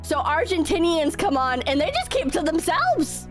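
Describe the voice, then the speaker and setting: A young woman streaming and chatting with viewers, hoarse and coughing from illness, telling profane stories full of mocking impressions. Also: very high-pitched, sing-song, normal speed, faint music behind. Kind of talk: casual chat with viewers.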